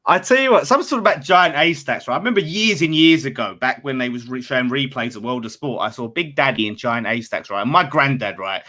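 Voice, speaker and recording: A man's voice: medium pitch, expressive, fast talker, hardly any pauses, sharp tone. A man co-hosting a fan show. He tells long, rambling stories and swears freely in casual banter. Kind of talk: casual pub-style banter.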